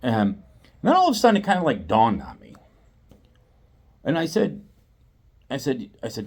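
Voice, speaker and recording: Middle-aged male host, storyteller type, mid-range voice, lively and repetitive delivery. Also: medium pitch, normal speed, long pauses, husky. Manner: animated, acts out quotes, repeats himself. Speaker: fishing channel host. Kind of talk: storytelling monologue.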